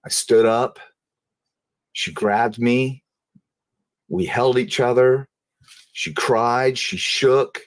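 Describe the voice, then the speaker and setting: A man telling a personal story in an interview, in a casual, halting way, often repeating and restarting phrases. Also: mid-range voice, no echo. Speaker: interview guest.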